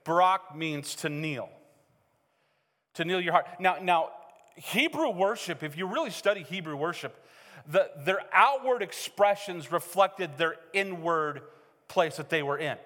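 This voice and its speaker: A middle-aged male pastor preaching a sermon in a church, animated and joking, acting out quotes as he tells stories. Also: high voice, a little slow. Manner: animated, joking storyteller who acts out quotes. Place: church sanctuary. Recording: hall reverb.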